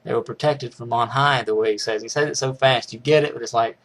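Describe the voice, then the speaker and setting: A man's voice: mid-range voice, fairly even intonation, fast, fairly bright tone. A man casually recapping a movie's plot in a rambling way, restarting sentences and chuckling as he goes. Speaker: movie reviewer.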